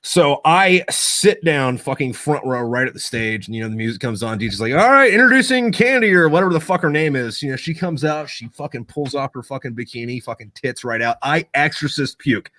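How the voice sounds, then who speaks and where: Guy swearing constantly while rambling thru a story, normal pitch, dry close sound. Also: normal speed, hardly any pauses, fairly bright tone, dry recording. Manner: profane, rambling, full of fillers. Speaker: Marine veteran. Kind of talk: casual storytelling.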